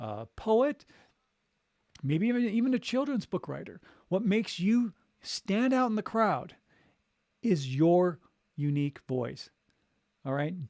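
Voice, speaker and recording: A man's voice: on the high side, darkish tone, dry recording, clean studio sound. A man who works as a voice coach, giving an upbeat, encouraging live talk and repeating his key points. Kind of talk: live motivational chat.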